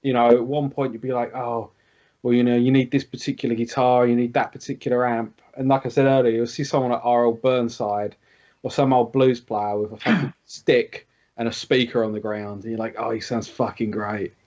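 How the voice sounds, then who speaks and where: A chatty man talking shop about guitars on a podcast, his pitch in the middle range for a man. He mocks himself as he geeks out about gear. The recording is muffled and lo-fi. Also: little pitch movement, brisk, darkish tone. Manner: chatty, self-mocking, geeky about gear. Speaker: guitarist guest. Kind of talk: casual podcast chat. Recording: dull lo-fi recording.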